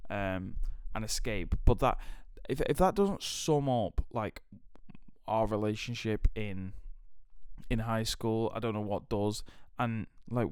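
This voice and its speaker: A man's voice: on the low side, smooth, dry recording, studio quality. A young adult man with a British accent, hosting a podcast and telling stories animatedly, swearing and filling his talk with "like". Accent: British English. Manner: animated, swearing, many fillers. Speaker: podcast host. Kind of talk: casual storytelling chat.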